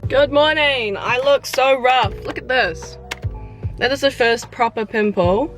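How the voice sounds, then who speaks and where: A woman's voice: high-pitched, measured pace, a bit bright, faint music behind. A woman of about twenty chatting casually to her camera in a vlog, rambling and self-deprecating. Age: 20s. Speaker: vlogger.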